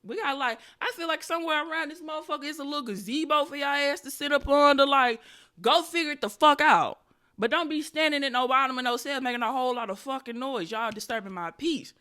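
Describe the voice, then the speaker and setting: A young woman with a slightly high voice tells a story on her own podcast, loose and profane. Her delivery jumps into loud, excited bursts and then drops back to a low mutter. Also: fast talker. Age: 20s. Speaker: podcast host. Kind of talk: casual comedic storytelling.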